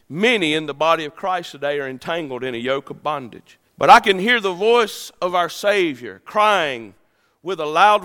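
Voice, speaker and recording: A male pastor delivers a sermon in a church, his voice high and bright. He swings between loud, ringing declarations and hushed, low phrases. The sound carries a long reverb from the large sanctuary. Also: clean tone. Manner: preaching with dramatic swings in pitch and loudness.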